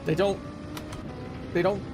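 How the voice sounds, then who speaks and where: Speaking slowly and flatly in a high voice, this northwest England man with a mild Merseyside accent hosts a sim racing live stream. He chats and rambles, keeps saying "know what I mean," and game music plays under background noise.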